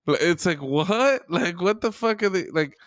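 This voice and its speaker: A man co-hosting a podcast, chatting in an animated way with lots of "like" fillers and easy laughter. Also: sits high, measured pace, no room sound, studio quality. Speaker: podcast co-host. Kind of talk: casual chat.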